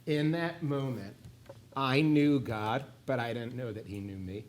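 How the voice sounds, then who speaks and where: A middle-aged man giving a personal faith testimony, animated in places and hushed and earnest in others. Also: mid-range voice, unhurried. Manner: animated, shifts between excited and hushed earnest tones.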